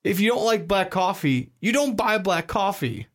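A man's voice: high-pitched, big pitch swings, moderate pace. A young man with a Chicago accent, co-hosting a podcast, talking in an emphatic, repetitive way. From Chicago, USA. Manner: emphatic, repetitive, laughs easily. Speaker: podcast co-host. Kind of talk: casual chat.

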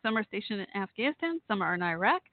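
A woman's voice: medium pitch, very animated, fast talker, no echo. A woman from Texas hosting a call-in show in a rambling, chatty way, often laughing, worried and holding back tears. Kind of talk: casual chat. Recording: dry tinny phone-like line.

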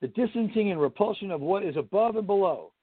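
A man's voice: high voice, animated, fast talker, slightly rough, no echo. A man giving a Bible study lecture as instructor, emphatic, blunt and preachy. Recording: tinny phone-like, dry sound.

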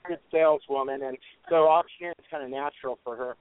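A man's voice: medium pitch, fast, no echo. A man auctioneer telling folksy, joking stories in a casual interview. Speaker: auctioneer guest. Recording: tinny phone line, dry.

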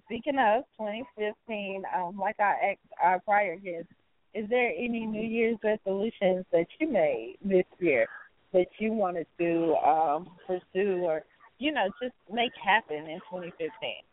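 A woman's voice: medium pitch, animated, measured pace, no echo. A woman hosting a talk show, upbeat and encouraging, laughing often as she interviews a guest. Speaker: radio show host. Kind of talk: casual interview. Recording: tinny phone line.

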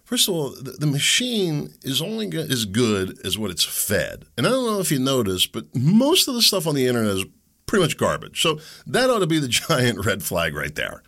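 A man's voice: medium pitch, huge pitch swings, normal speed, creaky, a bit bright. A middle-aged man hosting a podcast, talking in a casual opinion monologue with chuckling asides and emphatic bursts. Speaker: podcast host.

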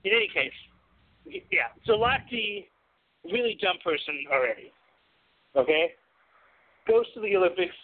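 A man's voice: high voice, lively intonation, a little slow, long pauses. A man co-hosting a casual podcast chat, rambling with frequent restarts and stammers. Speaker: podcast co-host. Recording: tinny phone-like line.

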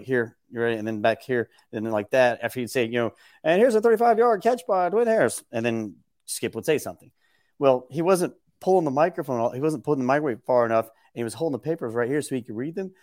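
Animated man telling stories. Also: medium pitch, dry recording, studio quality. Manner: lively, acts out quotes with raised voice, laughs often. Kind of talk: casual podcast storytelling.

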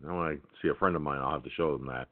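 A man's voice: extremely low pitch, rapid-fire. A man hosting an internet radio show, telling a profane, angry story in a ranting monologue. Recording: tinny phone-line sound.

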